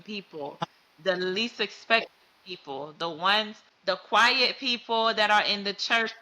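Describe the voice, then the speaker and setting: A woman hosting a faith podcast, talking in an animated, affirming way. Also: mid-range voice, takes it slowly, rough recording. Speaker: podcast host. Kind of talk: casual faith podcast conversation.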